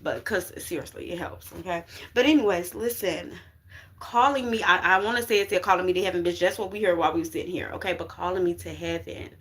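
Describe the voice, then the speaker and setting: A woman's voice: fairly low pitch, fast, hardly any pauses, a bit bright. A woman giving a casual tarot reading on a live stream, preachy and uplifting, full of call-and-response and slang. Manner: call-and-response, repeats "you get what I'm saying". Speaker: spiritual reader on a live stream.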